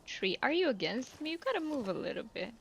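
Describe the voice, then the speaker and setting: A young woman game streamer chatting casually and relaxed, laughing easily. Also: high voice, fast, vocal fry, slight background noise. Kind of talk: casual live-stream chat. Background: faint game music.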